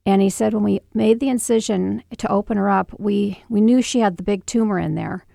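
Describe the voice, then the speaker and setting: A middle-aged mother in an interview, recounting a painful memory in a halting, emotional way with many restarts. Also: medium pitch, steady tone, creaky, mellow, dry recording, studio quality. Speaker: guest, mother. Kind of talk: personal storytelling interview.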